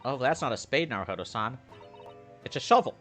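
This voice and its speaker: A man voicing a polite young woman assistant who speaks softly and primly. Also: medium pitch, lively intonation, a little fast, faint music behind, natural voice. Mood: correcting.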